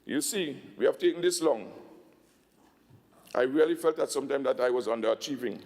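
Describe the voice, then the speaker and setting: A man's voice: medium pitch, darkish tone, big-room sound. Emphatic Tobagonian man in an assembly chamber. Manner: emphatic, stresses figures slowly. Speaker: assembly secretary. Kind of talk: parliamentary budget speech.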